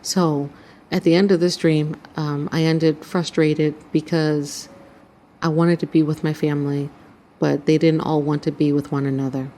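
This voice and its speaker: A woman's voice: low voice, level tone, moderate pace, mellow, a little hiss or hum. A woman hosting her channel, earnestly recounting a dream as spiritual testimony and acting out the voices in it. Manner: earnest storytelling, acts out quoted voices.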